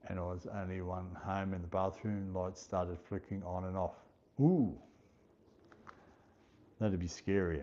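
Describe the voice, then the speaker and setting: A man's voice: deep voice, dark tone, muffled recording. An Australian man hosting a livestream in casual chat, reading viewer comments aloud, thanking people by name and laughing often. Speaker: livestream host.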